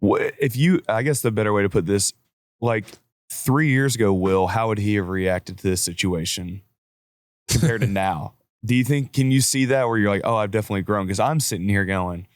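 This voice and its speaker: A man's voice: lowish voice, moderate pace, no echo, studio quality. A man in his twenties, a podcast crew member, asking a rambling, hesitant question. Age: 20s. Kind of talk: casual chat.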